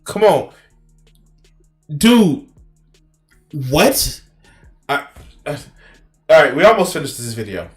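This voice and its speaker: A man's voice: on the high side, big pitch swings, takes it slowly, long pauses, faint music behind. A man streaming and reacting to a video in casual, profane, incredulous commentary.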